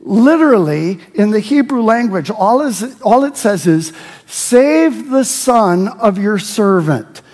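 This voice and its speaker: Pastor, male, high tenor voice, sermon with passionate shouted verses, long church reverb. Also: expressive, slow. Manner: preaching, rising to shouts on scripture. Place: church sanctuary.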